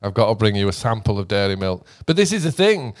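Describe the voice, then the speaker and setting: A young British man in casual chat, animated and rambling, swearing and laughing often. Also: lowish voice, quick pace. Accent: British English. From Britain.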